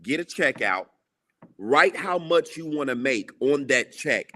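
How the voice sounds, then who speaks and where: Bright-voiced preacherly man. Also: mid-range voice, lively intonation, a little slow. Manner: preacherly, emphatic, repeats lines for emphasis. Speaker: guest, entrepreneur and TV show creator. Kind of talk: motivational interview talk.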